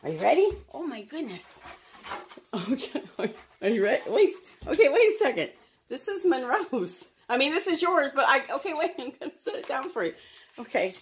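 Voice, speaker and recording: A woman's voice: high voice, very animated, moderate pace, a little hiss or hum. A woman hosting a home pet vlog, talking playfully to her dogs and to viewers. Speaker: vlogger, dog owner.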